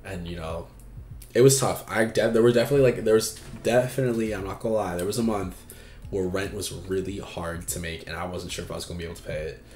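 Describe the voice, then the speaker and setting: A man's voice: deep voice, fairly even intonation, fast, a little mellow, echoey room, faint music behind. A man hosting an advice livestream, talking frankly and casually with lots of fillers and swearing. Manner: frank and chatty, swears freely, many fillers. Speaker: advice stream host.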